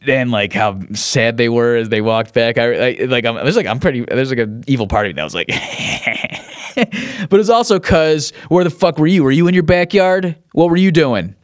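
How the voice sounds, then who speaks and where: A man's voice: mid-range voice, no room sound, clean studio sound. Rambling, profane man on a podcast. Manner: rambling, profane, stops and restarts sentences; chuckles often between thoughts. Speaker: podcast host. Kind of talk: casual solo monologue.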